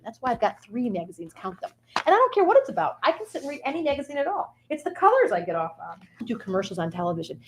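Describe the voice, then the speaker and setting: A woman guest rattling off a chatty comic monologue at a quick clip, her voice leaping all over the place. She rambles playfully, tossing in sing-song little asides, and sits a bit high in pitch. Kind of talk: comic monologue in character of a sun sign.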